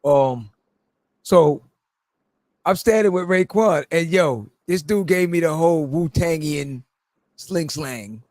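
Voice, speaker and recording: A man from New York, host of a casual podcast, telling stories with lots of laughter and animated voices. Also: fairly high pitch, slow, long pauses, dry recording. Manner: laughs often, animated storytelling with put-on voices. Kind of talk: casual chat.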